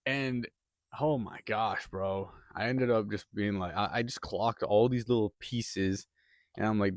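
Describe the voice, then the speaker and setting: Profane, rambling young man, low voice. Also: fairly even intonation, measured pace, dry recording, clean studio sound. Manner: rambling, profane, heavy on filler words. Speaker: podcaster. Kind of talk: casual monologue.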